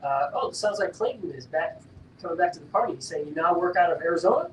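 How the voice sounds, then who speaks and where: A man's voice: animated, fast talker. A man co-hosting a live stream, reading out viewer questions with hesitant fillers. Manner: reads chat messages aloud, hesitant with fillers. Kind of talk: casual live-stream chat. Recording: roomy, distant mic with faint rumble.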